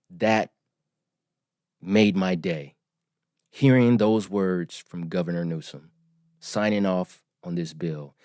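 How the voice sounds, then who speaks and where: Man, low voice, earnest and emphatic, dry close sound, interview guest. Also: a little slow, darkish tone, no echo. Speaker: podcast guest, advocate. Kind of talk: storytelling interview.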